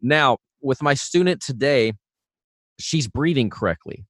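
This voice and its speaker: A man teaching singing in a relaxed, chatty way, full of fillers and restarts. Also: medium pitch, a little slow, dry recording, clean studio sound. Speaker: vocal coach. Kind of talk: casual instructional talk.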